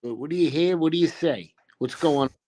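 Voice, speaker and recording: A man appearing as a guest on a sports podcast, brash and joking, with fast wiseguy banter about his betting picks. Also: fairly high pitch, dark tone, a little hiss or hum. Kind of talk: casual podcast chat.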